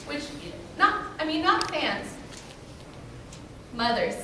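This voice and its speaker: A young woman on a convention panel telling a story, animated and self-mocking, often laughing as she talks. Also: sits high, slow pace. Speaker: panel guest. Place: large convention hall. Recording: echoey hall, mic far off, noisy.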